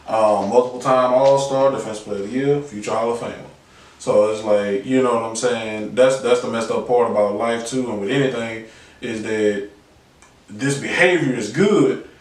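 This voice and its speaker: Laid-back man, far off in an echoey room. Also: mid-range voice. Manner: laid-back, agreeable, slangy. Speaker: podcast co-host. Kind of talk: casual sports chat. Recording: echoey room, mic at a distance.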